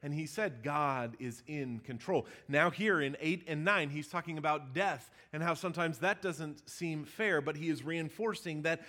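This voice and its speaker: A pastor preaching a sermon in a church, his voice rising emphatically and dropping to a hush. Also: a little high, moderate pace, few pauses. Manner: animated preaching with emphatic rises and hushed drops. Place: church sanctuary.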